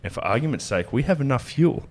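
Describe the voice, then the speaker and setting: Worked-up Australian bloke in a pub, swears freely, faint hiss behind. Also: male voice, medium pitch, sing-song, quick pace, darkish tone. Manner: heated, swearing storyteller. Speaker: podcast guest. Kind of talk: casual pub chat.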